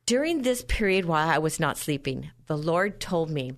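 Sharing her personal testimony as a radio show guest, this woman tells her story in a lively way and laughs frequently. She has a low voice and speaks at a normal speed.

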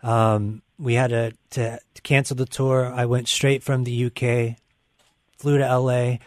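A man's voice: mid-range voice, level tone, unhurried, dry recording. A man talks openly on a call-in radio show, winding through his answers with plenty of fillers. His voice sits in a middling range and the studio sound is close and dry. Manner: candid, rambling with many fillers. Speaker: guest musician. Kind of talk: casual radio interview.

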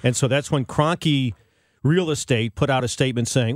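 A man's voice: mid-range voice, normal speed, no room sound. Male co-host, blunt and emphatic, dry studio sound. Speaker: radio sports co-host. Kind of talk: sports radio talk. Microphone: studio microphone.

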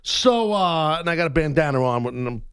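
Guy on sports talk radio doing all the voices in his story, pitch bouncing all over. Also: normal speed, clean tone. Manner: animated storyteller acting out both sides of a confrontation.

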